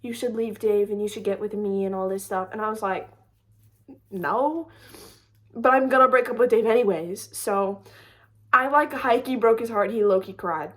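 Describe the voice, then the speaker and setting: A young woman telling a storytime vlog story in a chatty, animated way, full of "like". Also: mid-range voice, moderate pace. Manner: chatty, lots of "like", animated retelling. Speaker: storytime creator. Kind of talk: casual storytime chat.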